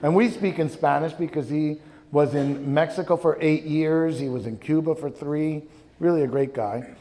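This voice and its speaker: A bishop from the New York area, in his fifties, guest-speaks at a live talk for young adults, telling wry personal stories. His fairly high, mellow voice moves at normal speed and is full of ums and uhs.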